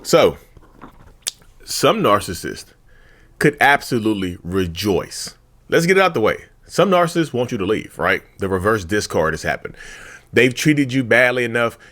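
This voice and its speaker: A man hosting a casual talk video, speaking into a handheld mic while seated at home, colloquial and animated, repeating his phrases with folksy asides. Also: on the low side, normal speed. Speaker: YouTube host talking about narcissism. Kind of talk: casual direct-to-camera talk. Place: seated at home in front of a tripod camera.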